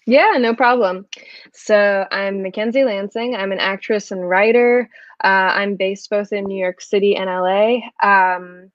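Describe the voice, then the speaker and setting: A woman's voice: medium pitch, steady tone, unhurried, no room sound, lo-fi sound. A woman from France, a bilingual actress, chatting as an interview guest and laughing often. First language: French. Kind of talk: casual interview.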